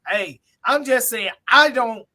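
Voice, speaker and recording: With a very high, slow, pushed and bright voice, a man co-hosts a live talk stream. He argues his point bluntly and repetitively in casual conversation, greeting viewers by name and reading their comments aloud.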